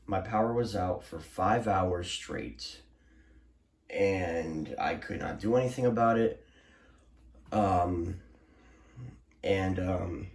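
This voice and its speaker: A man's voice: low voice, a little mellow. A young man recapping a storm to his viewers in a casual, rambling way, full of restarts and fillers. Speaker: weather alert vlogger. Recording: roomy echo.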